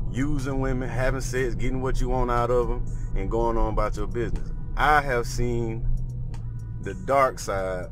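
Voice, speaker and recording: A man telling his own story as a father, in an earnest, emotional and preaching way, speaking from inside a car. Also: medium pitch. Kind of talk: heartfelt monologue to camera.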